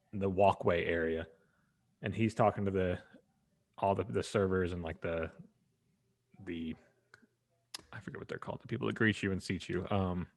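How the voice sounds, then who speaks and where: A man co-hosting a sports podcast, telling a rambling story in casual chat and acting out the people in it. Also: low voice. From Atlanta area. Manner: rambling storytelling, acts out quoted voices. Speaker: podcast co-host.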